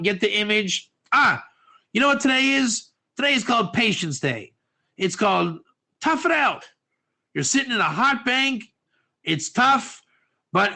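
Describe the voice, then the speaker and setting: A man teaching a lively class, acting out little scenes and asking his listeners questions. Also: sits high, creaky. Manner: animated, acts out quotes, asks audience questions. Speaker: Torah teacher.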